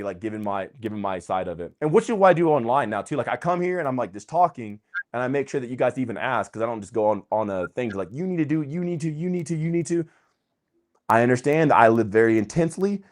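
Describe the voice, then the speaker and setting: Excitable slangy man. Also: mid-range voice. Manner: excitable, slangy, uses "dude" and "bro". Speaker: host. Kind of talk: casual conversation.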